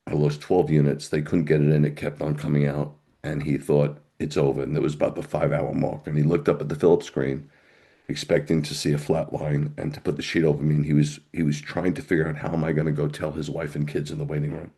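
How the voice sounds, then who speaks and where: Gravelly, deep-voiced middle-aged man. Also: flat delivery, fast, dark tone. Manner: conversational storyteller with wry humor. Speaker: guest; rabbi. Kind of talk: emotional personal testimony.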